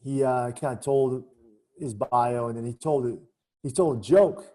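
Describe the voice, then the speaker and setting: Mellow-voiced man telling war stories. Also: medium pitch, measured pace. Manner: candid, conversational, many fillers like "you know" and "man". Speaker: guest, former Army captain. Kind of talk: casual storytelling interview.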